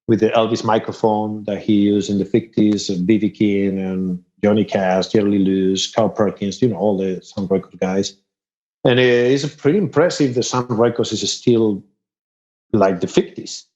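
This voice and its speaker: A man from Spain with a Spanish accent, a musician guest telling stories in a casual, animated way. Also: fairly low pitch, moderate pace. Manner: animated, laughing storyteller. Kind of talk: casual storytelling interview. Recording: dull lo-fi sound.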